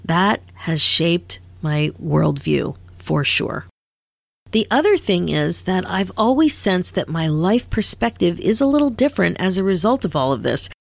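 Woman in her 50s, podcast host, lowish gravelly voice, chatty and candid, dry close mic. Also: sing-song, unhurried, dry recording. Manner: candid, conversational, laughs often. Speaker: podcast host and midlife coach. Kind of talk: personal storytelling monologue.

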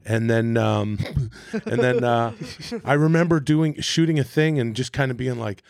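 A man's voice: mid-range voice, moderate pace, creaky, no echo, studio quality. A man in his forties, a guest actor telling rambling, self-mocking stories in casual podcast chat. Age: 40s. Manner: rambling, self-mocking storytelling, slips into silly voices.

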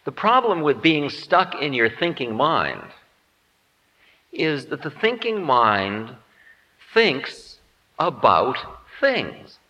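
A man's voice: on the high side, big pitch swings, slow, sharp tone. Playful male spiritual teacher in an echoing hall. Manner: playful, self-mocking humor; acts out quoted voices. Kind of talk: spiritual lecture.

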